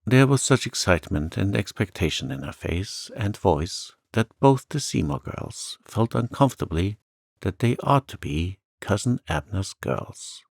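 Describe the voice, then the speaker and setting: Deep gravelly calm male narrator. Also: dry recording, studio quality. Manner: calm, slow and gentle. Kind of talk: soft-spoken bedtime story reading.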